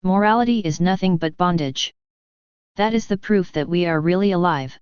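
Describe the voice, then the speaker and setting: A woman voicing a seductive, cruel female succubus demon who speaks softly and coquettishly in an audiobook. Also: on the low side, normal speed, clear, resonant tone, no room sound, lo-fi sound, natural voice. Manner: soft, coquettish and teasing.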